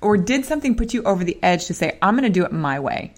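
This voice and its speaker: A woman's voice: mid-range voice, very animated, fast talker. A woman interviewing a guest, attentive, backing him with short affirmations and asking probing questions. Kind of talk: conversational interview.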